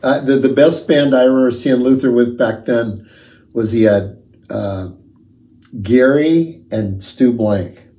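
A man's voice: mid-range voice, slow pace, dark tone. A man hosting a casual interview, an easygoing, encouraging listener who asks about his guest's past. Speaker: interviewer, host. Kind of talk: casual conversation.

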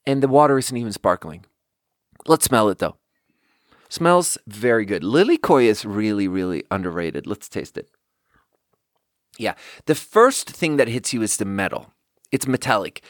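A man's voice: medium pitch, normal speed, no echo, studio quality. A man hosting his own podcast solo, rambling casually and self-deprecatingly, often breaking into laughter. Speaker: podcast host.

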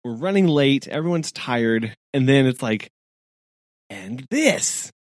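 A podcast co-host chatting casually, with lively sighs and laughing asides. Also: mid-range voice, normal speed, no echo, clean studio sound. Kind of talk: casual chat.

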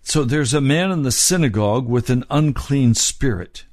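A man's voice: medium pitch, animated, normal speed, darkish tone, no room sound, studio quality. A man preaching a sermon, explaining scripture phrase by phrase. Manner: expository, explaining scripture word by word.

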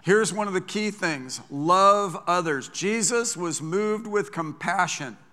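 Bright-voiced male pastor preaching in a hall. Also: high voice, slow. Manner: conversational, animated preaching with frequent restarts. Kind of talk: sermon.

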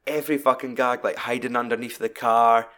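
A man's voice: mid-range voice, fairly even intonation, a little fast, fairly bright tone. A man, co-hosting a podcast about films, rambling and swearing freely as he retells scenes. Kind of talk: casual film chat.

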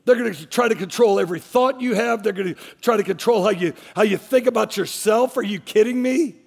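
A man's voice: sits high, fairly quick, creaky, long reverb tail. A man preaching a sermon as a pastor, emphatic, repeating his phrases as he drives each point home.

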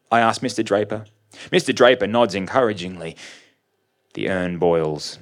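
A man narrating a first-person story in a measured, dry, observant way. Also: low voice, steady tone. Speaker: reader.

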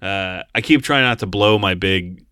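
Bright, clear-voiced podcast man. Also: sits low, normal speed, no room sound, studio quality. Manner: blunt, exasperated, swears casually. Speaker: podcast co-host. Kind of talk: casual film review chat.

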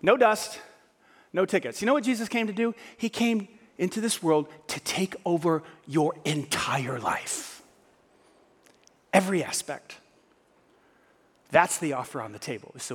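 A man's voice: high voice, animated, unhurried, pauses often, slightly rough. A male pastor preaching a sermon, firing rhetorical questions at his congregation. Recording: long hall reverb.

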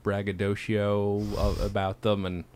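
A man's voice: on the low side, monotone, unhurried, crowd noise. A man co-hosting a podcast in casual chat, joking around and doing sponsor reads with mock seriousness. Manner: playful, jokey, reads sponsor spots with mock gravity. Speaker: podcast co-host.

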